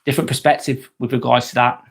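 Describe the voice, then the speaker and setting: A man's voice: medium pitch, flat delivery, fast talker, vocal fry. A man hosting a live vlog, talking casually and frankly, swearing often and rambling through restarts as he reads out and answers chat comments.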